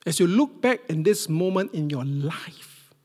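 A middle-aged man from Singapore preaches in with a somewhat high-pitched voice. His storytelling is animated, rising to loud emphasis and dropping to near-whispers. The sound carries the long reverb of a church hall. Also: unhurried. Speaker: pastor. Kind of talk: sermon.

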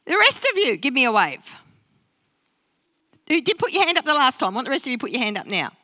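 A woman pastor preaching a sermon in a church, animated and talking straight to the congregation. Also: sits high, fast, no room sound. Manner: animated, interactive preaching with acted-out quotes. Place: church service.

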